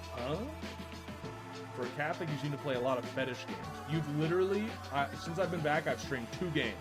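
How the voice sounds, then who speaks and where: A young man streaming a game, chatting casually and reading narration, an animated storyteller who laughs often and swears freely. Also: on the high side, a little fast, loud music behind the voice. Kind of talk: casual live-stream chat and game read-through.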